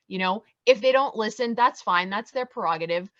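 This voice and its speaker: A woman speaking firmly and in a measured way in a casual panel discussion, giving advice to listeners. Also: mid-range voice, muffled recording. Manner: firm, measured, advising. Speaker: panel co-host.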